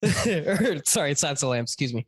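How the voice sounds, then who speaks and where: A man's voice: fairly high pitch, sing-song, fast, slightly rough, no echo. A crude, riffing man on a comedy podcast, swearing as he goes, his voice leaping up and down. The recording is close and dry. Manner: crude, riffing, swears freely, laughs a lot. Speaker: podcast co-host. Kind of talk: casual comedy chat.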